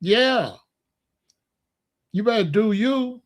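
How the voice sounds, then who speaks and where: With a high, expressive voice that stretches out his words, this man addresses his audience directly. He hosts an online talk show and dishes out playful, slang-filled relationship tips in a relaxed, jokey way.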